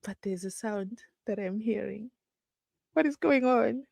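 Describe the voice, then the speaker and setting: A woman's voice: medium pitch, measured pace, gravelly, darkish tone, no echo. A woman hosting a casual livestream from home, chatting, laughing often and reading viewer comments aloud. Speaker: livestream host.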